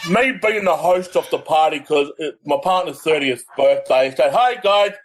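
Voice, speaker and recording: A man telling anecdotes in a casual podcast roundtable, relaxed and talkative. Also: on the high side, moderate pace, poor audio. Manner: anecdotal storyteller, lively. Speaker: podcast panelist.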